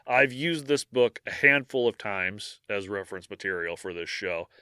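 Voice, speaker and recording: A man with a bright, forceful voice co-hosts a casual podcast. He moves between loose chat and reading out a history segment, with fillers and false starts along the way. The sound is dry and close. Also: lowish voice, animated, normal speed, clear, resonant tone, no room sound. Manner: reads the history part, with fillers and restarts between. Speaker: podcast co-host.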